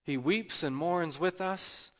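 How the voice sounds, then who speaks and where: A man's voice: high voice, takes it slowly, a bit bright, in a large hall. A male pastor gives an emotional, personal sermon. He is close to tears and often restarts his sentences. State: tearful, near crying.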